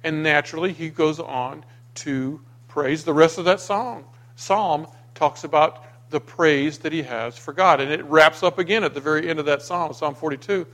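A man preaching a sermon, dramatic, going from loud emphasis to hushed near-whispers and reading scripture aloud with acted voices. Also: on the high side, moderate pace. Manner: reads scripture aloud and acts out the quoted voices.

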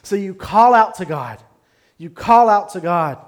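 A man's voice: high voice, animated, a little slow. A male pastor preaching a sermon at a church service, emphatic and repeating his key phrases.

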